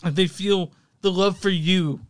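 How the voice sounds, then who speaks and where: Male podcast co-host, fairly high voice, loose rambling chat with laughs. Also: steady tone, measured pace. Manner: rambling, laughs often, many fillers. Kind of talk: casual chat about music.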